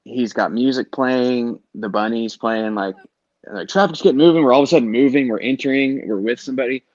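A man's voice: mid-range voice, fairly quick, dry recording, highs cut off. A middle-aged man telling long, rambling concert-trip stories in casual podcast chat, swearing freely and acting out what people said. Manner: rambling storyteller, swears freely, acts out quotes.

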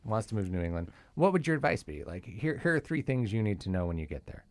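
A male podcast host who keeps the talk moving with friendly, curious questions. His voice sits a little low. It is recorded dry, close to the mic. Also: big pitch swings, fast, no echo. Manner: curious, asks lots of questions. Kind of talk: casual interview chat.

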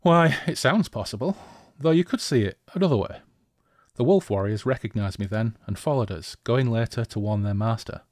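A man's voice: medium pitch, lively intonation, moderate pace, no room sound, clean studio sound, natural voice. A man voicing a glib, charismatic male scoundrel while reading a novel's dialogue aloud. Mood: sly, teasing. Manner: glib and teasing; yells commands when riding. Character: sly charismatic male scoundrel, an adult warrior.

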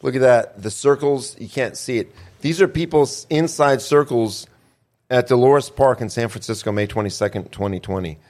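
A man's voice: medium pitch, moderate pace, darkish tone. A man hosting a casual news talk show, rambling and restarting his words. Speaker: show host.

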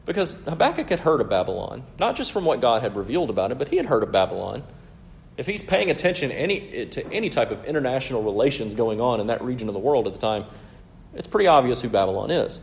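A man preaching a sermon with an earnest, explaining manner, his pitch sitting in an ordinary middle range. He keeps checking in with the congregation as he teaches. A faint noise sits under the recording. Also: very animated, quick pace, creaky. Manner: earnest, teaching tone, asks "right?" often. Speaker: pastor.

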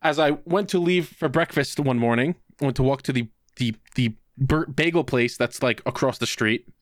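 A man co-hosts a podcast, telling a work story in casual chat and acting out the quotes in animated fashion. His voice is mid-range at a normal speed, recorded in studio quality with no room sound.

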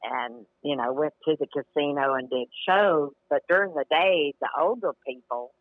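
Here the older podcast guest comes through narrow, tinny audio with no room sound, his fairly high voice at a moderate pace. He rambles easily through his stories, often hedging with "you know," keeping the talk casual.

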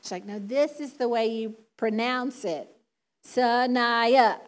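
A woman's voice: a little high, normal speed, a little mellow. A woman with a Southern drawl giving a casual, chatty sermon to a congregation, laughing often and talking with many fillers. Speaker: church speaker. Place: church sanctuary before a congregation.

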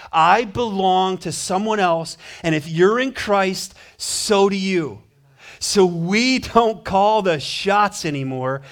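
In his sermon, a male pastor gets animated, performing quoted voices and shifting from strong, loud claims to hushed and low sections.

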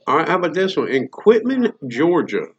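A man's voice: fairly high pitch, big pitch swings, brisk, breathy edge. A man in casual comedic chat, rambling through jokey stories with Southern slang. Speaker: co-host. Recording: dull lo-fi recording.

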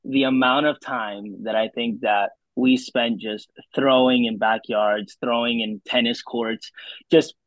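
A man's voice: mid-range voice, fairly even intonation, unhurried, no room sound, muffled recording. A young man, a teammate, chiming in casually, laid-back and laughing, calling his friend bro. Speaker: teammate, former catcher for the guest. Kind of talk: casual interview chat.

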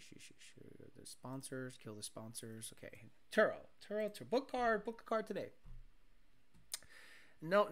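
A man hosting a casual live stream, chatting with his viewers and ranting in an exasperated, profane way. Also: on the high side. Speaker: livestream host reading chat.

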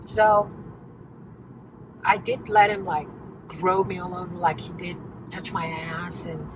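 A woman's voice: fairly low pitch, fairly even intonation, takes it slowly. A woman hosting her own show, telling a personal story in a loose, chatty way from inside a car, full of "like" and restarts. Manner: chatty, rambling, heavy use of "like" and restarts. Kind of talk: casual storytelling monologue. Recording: distant mic with noisy car background.

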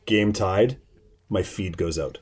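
A man telling a story in casual chat, animated, swearing and laughing often. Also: low voice, slow pace, husky.

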